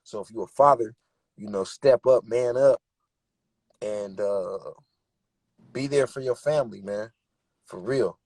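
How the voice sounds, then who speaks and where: A man's voice: lowish voice, unhurried, pauses often, a little mellow, dry recording. A young man, a rapper, telling his story in an interview with emphatic, streetwise conviction. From Bay Area, California. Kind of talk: candid interview talk.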